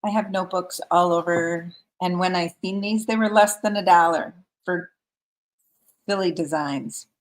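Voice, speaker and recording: A woman's voice: on the low side, fairly even intonation, a little slow. A woman hosting a live craft stream, chatting casually and reading viewer comments aloud. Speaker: craft livestream host. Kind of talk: casual livestream chat.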